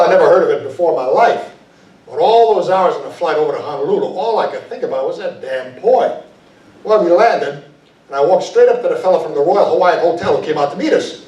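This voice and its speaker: A man's voice: a little high, mellow, lo-fi sound. A man crooning old-fashioned 1940s-style ballads and telling vaudeville jokes in a live show at a veterans home. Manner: quick, punchy joke delivery with chuckles. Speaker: singer and stand-up comic. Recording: roomy live hall, mic at a distance, with band.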